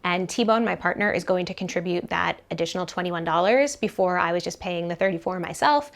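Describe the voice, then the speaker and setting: A woman talking to camera about her money in an animated, chatty way, full of casual fillers. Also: fairly low pitch, fairly quick, creaky. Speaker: personal finance vlogger. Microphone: camera mic, leaning toward camera.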